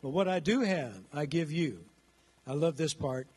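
A man's voice: fairly high pitch, expressive, moderate pace, a little mellow, slightly rough. A man in his sixties preaching a rousing sermon in church and calling on the congregation to answer back. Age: 60s. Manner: rousing, calls the congregation to respond. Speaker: pastor.

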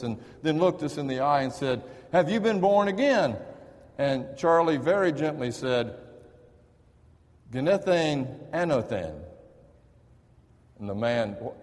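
A man's voice: mid-range voice, darkish tone. Man preaching in an echoing hall. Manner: storytelling, conversational with restarts. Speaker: pastor. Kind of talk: sermon. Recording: reverberant hall.

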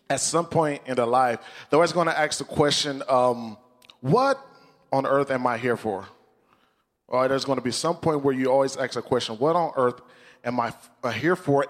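A man preaching as a pastor, emotional and excitable. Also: on the high side, in a large hall. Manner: emotional, excitable, laughs often. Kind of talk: sermon.

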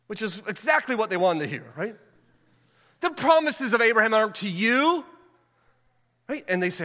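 A man preaching a sermon as pastor, asking the congregation questions and moving between fervent calls and hushed prayer. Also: high voice, sing-song, normal speed, pauses often, in a large hall. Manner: asks the congregation rhetorical questions.

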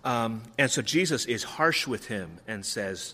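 A man's voice: mid-range voice, lively intonation, measured pace, sharp tone. A middle-aged man preaching a sermon as pastor, conversational with frequent ums, acting out quoted lines. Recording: long reverb of a large hall.

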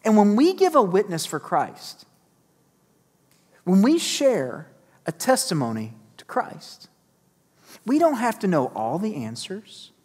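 A man's voice: high-pitched, slow, pauses often, breathy edge. A male pastor delivers a fired-up sermon, driving points home through repetition and breaking off for self-mocking asides. His voice rings out with the long reverb of a church hall. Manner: energetic, emphatic repetition with self-deprecating asides. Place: church sanctuary.

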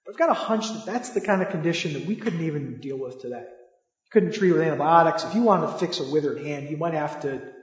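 A man's voice: on the high side, fast talker. A man preaching a sermon in a conversational way, asking the listeners rhetorical questions. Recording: echoey hall, dull lo-fi sound.

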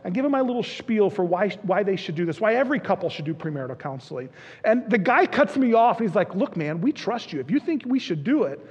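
This pastor's voice is high-pitched yet darkish, with a slightly rough edge. His sermon unfolds as earnest, conversational storytelling full of restarts, captured in a dull lo-fi recording with hall reverb.

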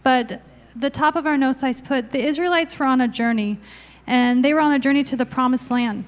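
A woman with a high, light voice leads a casual Bible study. She talks in a chatty, informal way and reads scripture passages aloud from her notes. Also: a little fast.

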